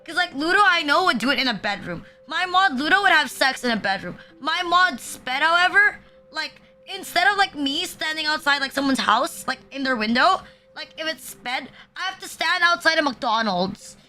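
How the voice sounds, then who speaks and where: A woman's voice: high-pitched, animated, moderate pace, pushed and bright, faint music behind. A young woman streaming, joking crudely and rambling with lots of fillers. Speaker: VTuber streamer. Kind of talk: casual livestream chat.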